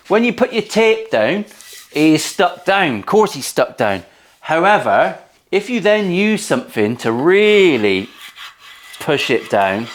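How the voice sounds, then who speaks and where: A man hosting a casual workshop vlog as a luthier, talking to viewers in cheeky, sweary banter. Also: a little high. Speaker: luthier and channel host. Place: guitar-making workshop.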